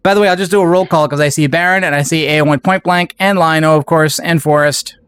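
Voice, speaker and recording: A man's voice: a little high, fairly even intonation, quick pace, a bit bright, smooth, dry recording. A man casually chatting on a live game stream, rambling and greeting viewers in chat. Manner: rambling, reads out chat names.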